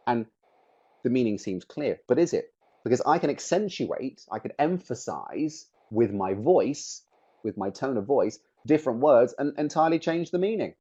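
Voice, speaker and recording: A man's voice: fairly low pitch, mellow, dull audio. A middle-aged man presenting a webinar, speaking with emphatic, shifting stress on key words. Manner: emphatic, varies stress on words to make points.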